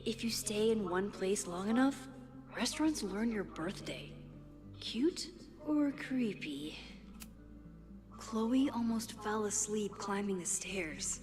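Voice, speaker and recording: An actress voicing Max, a quiet and thoughtful young woman photographer in a game, talking softly in inner monologue, often close to a whisper. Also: medium pitch, expressive, slow pace. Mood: reflective. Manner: soft, introspective, often near a whisper. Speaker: game character. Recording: game audio with long reverb and music. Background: game music.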